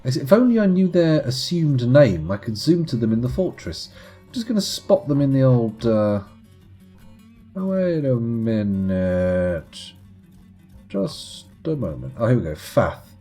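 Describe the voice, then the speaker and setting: A man's voice: medium pitch, sing-song, moderate pace, mellow, soft background music. A man streaming live gameplay commentary in a playful, chatty, self-mocking way.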